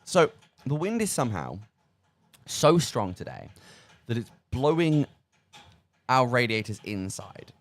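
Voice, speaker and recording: A man's voice: medium pitch, sing-song. A young man with an English Midlands accent, hosting a casual chat on student radio from a studio mic, chatty and jokey. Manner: chatty and jokey, quick to laugh at himself.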